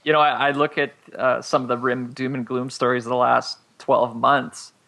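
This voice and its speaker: A man's voice: mid-range voice, flat delivery, moderate pace, creaky, pushed and bright. A man chatting casually as a regular panelist on a tech podcast, thinking aloud and hedging with fillers.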